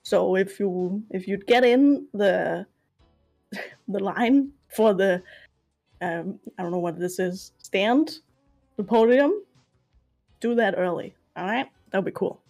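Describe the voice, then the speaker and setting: A woman's voice: mid-range voice, animated, slow, creaky, long pauses, darkish tone, soft background music. A young woman hosting a comedic mock funeral on a stream, making dry, playful, rambling asides.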